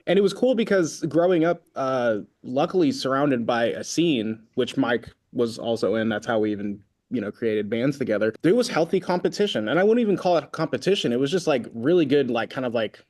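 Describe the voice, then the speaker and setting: A band vocalist from Concord, California, appears as an interview guest, speaking briskly in a mid-range voice with hardly any pauses. In this casual interview chat he tells animated stories, rambling along with lots of fillers.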